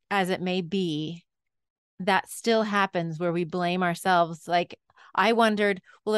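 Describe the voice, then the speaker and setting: A woman's voice: on the low side, smooth, no echo, clean studio sound. A woman hosting a podcast, asking empathetic questions and sharing her own experience. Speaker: podcast host. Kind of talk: podcast interview.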